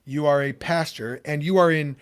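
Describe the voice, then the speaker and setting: A man's voice: a little high, fairly even intonation, moderate pace, smooth. Chatty Chicago man hosting a podcast. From Chicago, USA. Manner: chatty, rambling with many fillers. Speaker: podcast host. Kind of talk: casual podcast interview.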